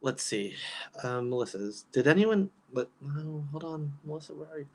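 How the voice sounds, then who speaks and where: A woman holds a casual livestream and reads from the chat as she goes. She rants in an exasperated way, laughs often, and her pitch swings widely. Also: expressive, normal speed, darkish tone. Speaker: livestream commentator reading chat.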